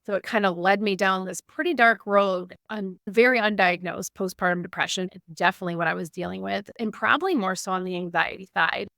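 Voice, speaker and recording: Speaking briskly with hardly a pause, this thirtysomething woman has a creaky, slightly bright medium-pitched voice. As an interview guest she tells her own story in an open, sincere way, full of "like," captured cleanly in the studio without echo.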